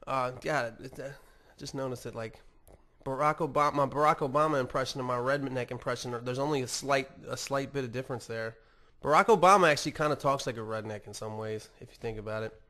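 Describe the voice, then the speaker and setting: Talking fast with a sharp tone and medium pitch, an American podcast host goes on a casual, profane ramble. He swears a lot and turns the jokes on himself.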